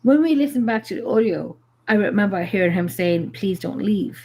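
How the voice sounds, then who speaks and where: A woman paranormal investigator from Ireland shares stories on a live broadcast, loose and lively, with frequent fillers and profanity. Her mid-range voice moves a little fast.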